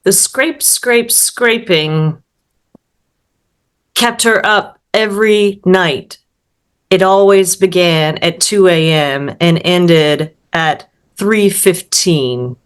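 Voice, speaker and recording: A woman author improvising a story, deliberate and drawn-out. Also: on the low side, clean tone.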